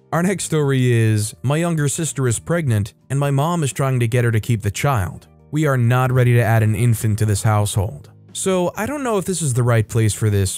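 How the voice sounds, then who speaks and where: Male storytime host, warm low-key tone, reads posts and chats about them casually over faint music. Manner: reads posts aloud, then adds relaxed personal asides. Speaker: host reading online stories aloud. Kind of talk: storytime narration with casual commentary.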